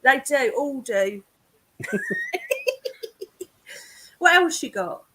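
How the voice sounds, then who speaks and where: An English woman chats over a video call with a high, bright voice that leaps up and down. She teases and giggles through the conversation. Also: expressive, drawn-out words. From England. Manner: chatty, giggly, teasing. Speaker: guest clairvoyant. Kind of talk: casual video chat.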